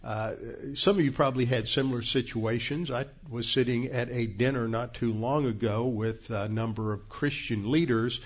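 A man's voice: mid-range voice, normal speed, few pauses. A man giving a methodical, explanatory Bible lesson, often restarting phrases as he works through a point. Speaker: Bible teacher. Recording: slightly dull, lo-fi recording.

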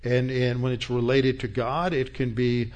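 A male pastor delivering a teaching sermon. His voice sits at an ordinary middle pitch. He explains at an unhurried pace, often pausing on fillers and restarting his phrases. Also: flat delivery, darkish tone, muffled recording.

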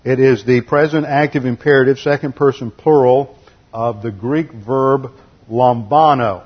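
A man's voice: medium pitch, steady tone, a little slow, husky. Man, Bible teacher, expository lecture, methodical, spells out Greek words, muffled lo-fi sound. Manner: lecturing, corrects translations. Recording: slightly muffled lo-fi recording.

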